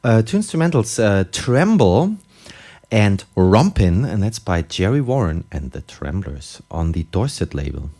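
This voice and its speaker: Halting, animated radio co-host man. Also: fairly low pitch. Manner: animated, halting, repeats words. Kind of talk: casual radio chat between records.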